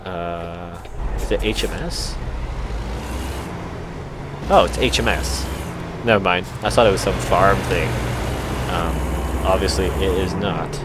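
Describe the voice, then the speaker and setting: A man's voice: sits low, steady tone, slow pace, long pauses. Rambling Canadian man over engine noise. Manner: rambling, chatty, many fillers and restarts. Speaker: gaming channel host. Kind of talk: casual gameplay commentary. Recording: game engine noise behind voice. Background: truck engine and traffic sounds from the game.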